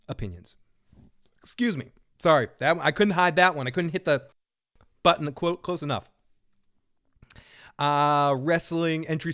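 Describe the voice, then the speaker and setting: A man's voice: on the high side, fairly bright tone, clean tone. A man hosting a casual live recap show from home, rambling and joking with frequent chuckles. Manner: jokey, rambling, chuckles often. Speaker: host.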